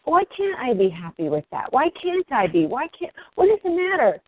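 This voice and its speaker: A woman guest telling her own story candidly, swearing freely and rising in pitch as she speaks. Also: very animated, moderate pace, no room sound. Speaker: interview guest. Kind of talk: emotional personal storytelling. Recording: dry, tinny phone-like line.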